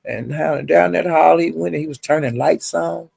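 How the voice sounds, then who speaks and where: A man's voice: a little high, moderate pace, creaky, breathy edge, dry recording. A man vlogging, telling gossip in a chatty way and calling listeners honey and child. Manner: animated retelling, mimics others' quotes. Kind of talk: gossipy storytelling.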